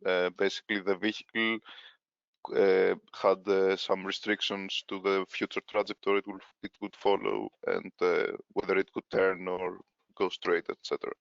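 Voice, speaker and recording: A man answering technical questions as a presenter on an online call, pausing often with uhs. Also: deep voice, flat delivery, vocal fry, no echo, dull audio. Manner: halting, many uhs.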